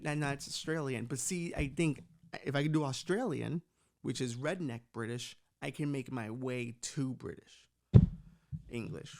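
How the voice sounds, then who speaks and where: A young podcast host from Bushwick with a raspy, gravelly edge. His voice sits a bit high for a man, and he jumps between bits and profane asides in a rambling, animated comic style. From Puerto Rican from Bushwick, New York. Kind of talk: comedic podcast rant.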